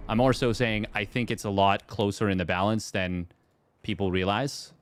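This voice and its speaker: Rambling male game caster, lowish voice. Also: normal speed, slight background noise. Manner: rambling, reads and answers chat, many fillers and restarts. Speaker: esports caster. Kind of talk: live stream commentary and chat.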